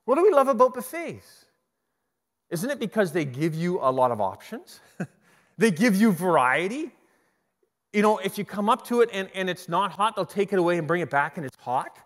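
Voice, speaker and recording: A middle-aged man preaching a sermon, telling stories in an animated way and often restarting his sentences. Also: sits high, normal speed. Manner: animated storytelling with repeated restarts. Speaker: pastor. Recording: long hall reverb.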